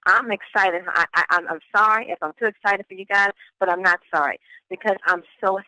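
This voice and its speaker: An excited pastor closes out a motivational conference call, piling on thanks and encouragement. The voice is bright and forceful, and the sound is dry and close. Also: mid-range voice, fairly quick, smooth, no room sound, rough recording. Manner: effusive, gushing, repeats phrases. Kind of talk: hyped-up motivational call host.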